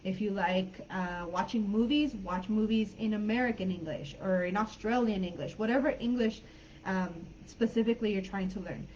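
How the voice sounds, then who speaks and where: A woman's voice: medium pitch, moderate pace, darkish tone, lo-fi sound, slight background noise. A woman with a Californian accent, an English teacher talking through a live online class in a friendly, chatty way with plenty of fillers.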